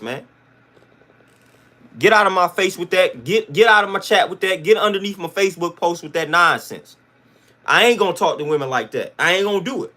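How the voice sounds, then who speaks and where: Guy ranting on his stream, high-ish voice, blunt, slangy, says it all twice. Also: sharp tone. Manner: emphatic, repetitive, slangy, blunt. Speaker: livestream host. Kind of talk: livestream rant to chat.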